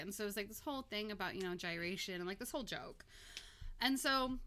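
A woman telling a story in casual chat, animated and swearing, quoting herself in lively bursts. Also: medium pitch, quick pace. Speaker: podcast guest storyteller.

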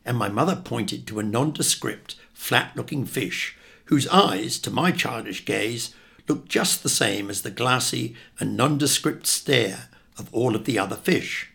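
Older English man, gravelly memoir reading. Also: medium pitch, lively intonation, unhurried, fairly bright tone. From England. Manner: wry, reflective storytelling. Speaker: narrator.

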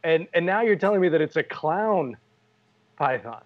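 A man's voice: on the high side, lively intonation, normal speed, dull audio. A man co-hosting a podcast in casual chat, joking and telling stories. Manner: jokey, storytelling, laughs often. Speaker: podcast co-host.

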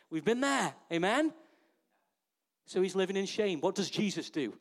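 A pastor with a high voice delivers a lively sermon. He keeps turning to the congregation with rhetorical questions, drawing them in as he preaches. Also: measured pace.

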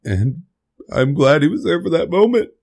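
A man hosting a podcast, giving a halting, emotional spoken tribute while fighting back tears. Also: fairly high pitch, very animated, vocal fry, a little mellow, breathy edge. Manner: halting, rambling, with restarts. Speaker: podcast host.

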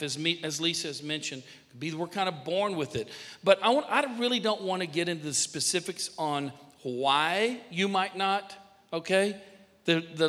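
A male pastor delivers a sermon in a high, bright voice. He repeats phrases and builds toward emphatic shouts. The sound carries the long reverb of a large hall.

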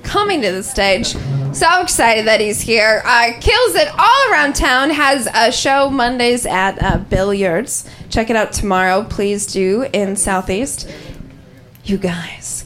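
A woman's voice: on the high side, lively intonation, slow, fairly bright tone, faint music behind. A woman hosting a comedy show, introducing the next comic in a hyped, announcer-like way. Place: comedy club. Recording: crowd and noise in the room.

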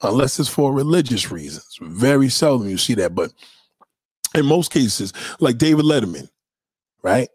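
A man hosting a livestream, reading chat and ranting in a blunt, mocking, animated way. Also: medium pitch, normal speed, slightly rough, no echo, clean studio sound. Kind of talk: casual profane rant.

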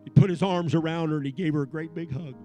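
Impassioned male preacher, hushed to shouting. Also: a little high, fast. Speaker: pastor. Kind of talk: sermon. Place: church. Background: soft piano keys.

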